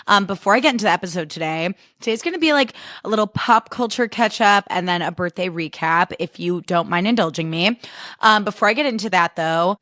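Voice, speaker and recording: A woman in her thirties hosting a podcast in casual chat, her voice raspy after a birthday weekend, gushing and chatty with casual swearing. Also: on the low side, fairly bright tone, no echo, studio quality. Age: 30s. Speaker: podcast host.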